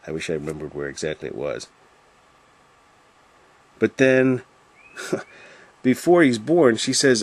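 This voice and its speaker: A man with a somewhat low voice talks through scripture in a loose, informal way. He rambles and restarts as he thinks aloud, and turns to his viewers directly in a chatty tone. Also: very animated, takes it slowly, pauses often. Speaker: Bible study host. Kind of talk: informal Bible commentary.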